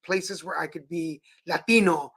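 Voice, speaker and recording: Bright, animated host man. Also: a little high, unhurried, creaky, husky. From Texas. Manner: animated, playful storyteller. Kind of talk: casual live-stream chat.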